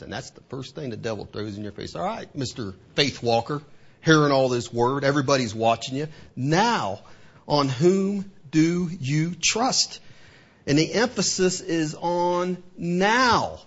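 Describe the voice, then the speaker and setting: Man, preacher, husky voice, high pitch, rhetorical sermon, dull lo-fi recording. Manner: rhetorical questions, voices the devil's taunts, lively delivery.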